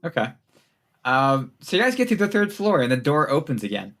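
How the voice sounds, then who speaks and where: A man's voice: on the high side, sing-song, brisk, a bit bright. A young man runs a tabletop game in a loose, casual way. He narrates with plenty of fillers and laughs easily between lines. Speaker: game master.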